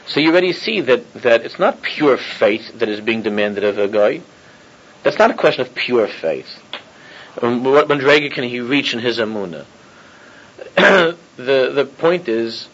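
Male rabbi, informal Torah class, husky, halting and chuckling, muffled lo-fi sound. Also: mid-range voice. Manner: mixes Hebrew and Yiddish terms, repeats himself, chuckles often. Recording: dull lo-fi recording.

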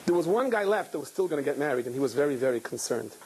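A man's voice: a little high, very fast, slight background noise, rough recording. A middle-aged man, a rabbi, telling a story in a sermon and acting out the people in it. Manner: lively storyteller who acts out the people in his stories.

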